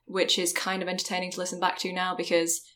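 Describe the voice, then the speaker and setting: A woman's voice: on the low side, completely flat delivery, fast talker, bright, forceful tone, a little hiss or hum. A woman co-hosting a book podcast, chatting casually as a guest, with many ums and restarts.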